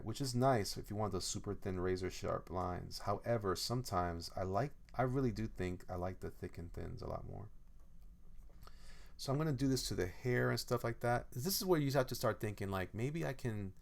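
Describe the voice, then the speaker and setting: A man's voice: fairly low pitch, gravelly, a little mellow. A man streaming as a comic artist, chatting casually and playfully with his viewers, often trailing off and repeating himself. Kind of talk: casual livestream chat, reading comments aloud.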